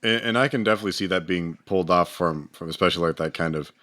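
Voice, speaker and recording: Low-voiced man, loose and animated. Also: quick pace. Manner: animated, laughing, swears freely. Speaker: podcast co-host. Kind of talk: casual chat.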